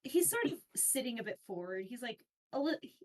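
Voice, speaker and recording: A woman playing a tabletop game, describing her character in a halting way with fillers. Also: a little high, sing-song, darkish tone. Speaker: player.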